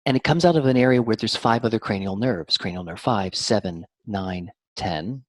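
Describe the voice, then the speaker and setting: A man speaking as a therapist guest, explaining in an animated, teacherly way and shifting his intonation on purpose. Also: lowish voice, moderate pace, no echo. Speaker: mind-body therapist guest. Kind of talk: explanatory interview talk.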